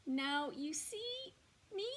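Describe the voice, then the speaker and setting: A woman voicing a small, polite, persistent male mouse who speaks in an apologetic, gently pleading way in a picture book read-aloud. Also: high-pitched, sing-song, drawn-out words, voice pushed up, heavily acted.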